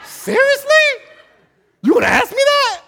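A man's voice: extremely high pitch, very animated, a little slow, bright, forceful tone, pitched above the performer's own voice, exaggerated voice. A man acting out a flustered churchgoer who protests in indignant disbelief when singled out.

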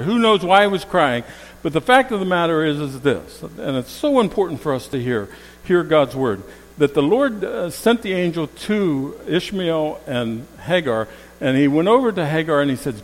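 A man's voice: fairly high pitch, sing-song, moderate pace. A man preaching a sermon as a pastor, telling stories and acting out what people said, repeating key phrases for emphasis. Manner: storytelling, acts out quoted voices, rising emphasis on repeated phrases. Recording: long hall reverb.

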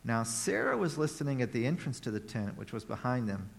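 A man's voice: medium pitch, sing-song, brisk, creaky. A man preaching a conversational sermon, retelling a Bible story with playful asides.

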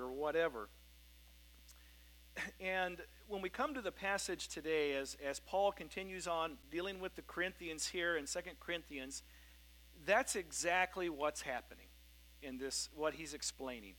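A middle-aged man preaching a sermon in an easygoing, anecdotal style. His voice sits a little high and rings bright and forward. He wanders through fillers and self-corrections as he talks. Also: normal speed, poor audio. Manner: conversational storytelling, many fillers and self-corrections. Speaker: pastor.

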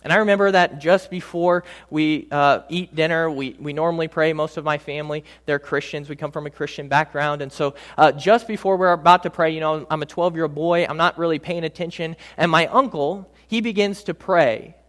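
Guy preaching a sermon, kinda high voice, goes loud then real soft and slow on the big words. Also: fairly even intonation. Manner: dynamic preaching, drops to soft near-whispers on key words; slows right down for emphasis. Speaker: pastor.

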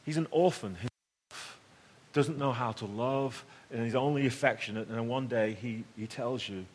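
Middle-aged male pastor, mid-pitched, chatty storytelling sermon that drops to a hush then rises to emphasis. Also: moderate pace. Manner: conversational, swings between loud emphasis and hushed tones.

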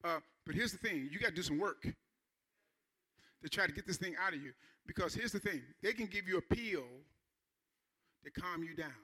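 A man preaching a Sunday sermon, emphatic, repeating key phrases and asking the congregation questions. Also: high voice. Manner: animated preacher, slows down to stress key lines. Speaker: pastor.

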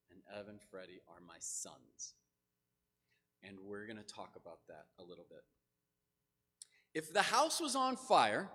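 A man's voice: mid-range voice, fairly bright tone. A man preaching a sermon in a conversational, casual way, with loose asides and filler words. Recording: long hall reverb.

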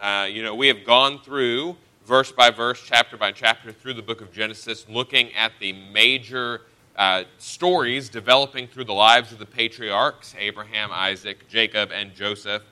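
A man's voice: fairly low pitch, fairly even intonation, normal speed, bright, forceful tone, clear, resonant tone. A man preaching a sermon, teaching through a Bible passage verse by verse with earnest emphasis.

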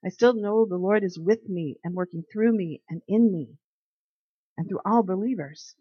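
Her mid-range voice is slightly rough and moves at a normal speed, with no echo in the dry, slightly dull recording. As a devotional speaker, she chats casually about faith through everyday stories, dramatizing what people told her.

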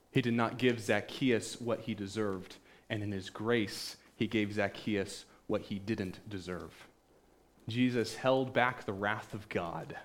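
A pastor preaching a sermon, retelling stories with acted-out quoted voices, swinging between loud bursts and hushed, quiet passages. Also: male voice, medium pitch.

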